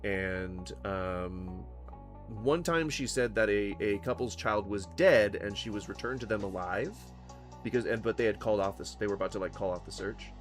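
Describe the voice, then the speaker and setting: A man's voice: lowish voice, normal speed, faint music behind. Profane, ranting male streamer. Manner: ranting, swears often, laughs a lot. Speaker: streamer reacting to videos. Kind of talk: casual profane commentary.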